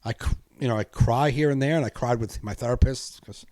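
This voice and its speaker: An earnest, rambling man hosts a casual podcast. His voice sits at a middle pitch, and he laughs easily as he talks things through. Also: brisk, darkish tone. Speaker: podcast host.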